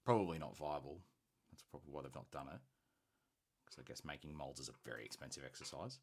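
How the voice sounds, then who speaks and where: A man's voice: very deep voice, fast, a little hiss or hum. An Australian man hosting a hobby painting live stream, chatty and rambling as he thinks aloud. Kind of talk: casual live-stream chat.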